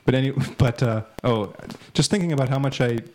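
A man's voice: mid-range voice, fairly quick, a little hiss or hum, low-quality recording. Heated, scornful man chatting. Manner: heated, scornful, rambling with many restarts. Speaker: podcast co-host. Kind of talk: casual political chat.

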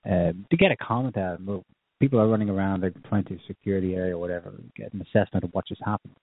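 A man's voice: low voice, fairly even intonation, fast talker, dry recording. A man in a political discussion who retells events in an emphatic, storytelling manner. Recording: phone-like dry line.

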